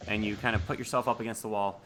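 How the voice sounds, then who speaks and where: A man running a tabletop horror game as game master, relaxed, often asking the players what they do. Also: lowish voice, racing, slight background noise. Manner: relaxed, asks players questions, fillers.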